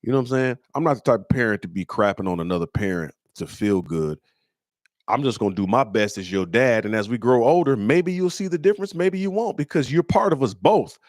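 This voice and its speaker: A middle-aged man from Michigan hosting a comedy call-in show. He tells stories in casual slang, acts out the people he quotes in a higher voice, and turns blunt and preachy. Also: expressive, a little fast, dry recording, studio quality. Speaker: comedian host answering listener questions. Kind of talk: casual storytelling chat.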